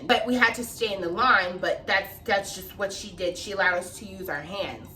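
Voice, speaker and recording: A young woman casually telling a story to camera, animated and swearing freely as she acts out the people in it. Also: medium pitch, distant mic.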